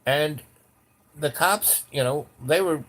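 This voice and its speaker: A man's voice: a little high, slow. An older man telling a rambling personal story in casual talk, with many restarts, acting out the voices of the people he quotes. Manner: animated, acts out quoted voices.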